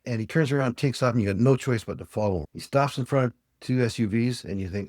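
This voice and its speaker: A man's voice: mid-range voice, fast, few pauses, a little mellow, no echo, studio quality. An older man from Ontario, Canada, a sales trainer telling plain-spoken customer stories as a podcast guest. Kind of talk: storytelling interview talk.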